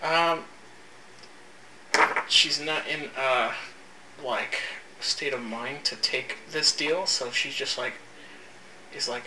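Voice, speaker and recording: Slow, hesitant tabletop player. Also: medium pitch, far from the mic. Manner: hesitant, halting. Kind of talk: tabletop game play. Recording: roomy echo, audible background hiss.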